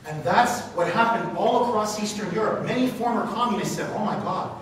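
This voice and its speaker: A man with a slightly high voice speaks to a room and tells stories with rising passion, often pushing into loud exclamations. His voice reaches the mic from far off. It booms around a very echoey hall over a faint hiss. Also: fairly quick. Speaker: radio talk show host. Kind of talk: speaking to a meeting, answering questions. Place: meeting room.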